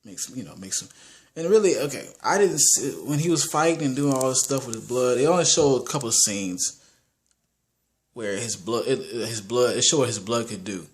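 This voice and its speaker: A man's voice: medium pitch, lively intonation, normal speed. A man giving a casual, rambling movie review, full of restarts and slang.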